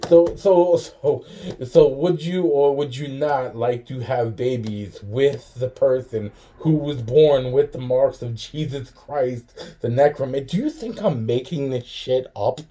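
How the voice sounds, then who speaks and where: A man's voice: medium pitch, takes it slowly, dark tone. A young man rambling to camera in a profane, laughing monologue full of restarts. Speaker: vlogger.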